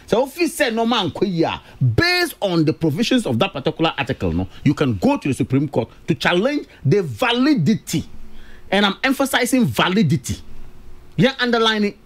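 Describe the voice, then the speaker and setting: Ghanaian male radio panelist, high lively voice, hammers his points home. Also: fairly quick, hardly any pauses. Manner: emphatic, repeats key words, mixes English and Twi. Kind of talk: radio political discussion.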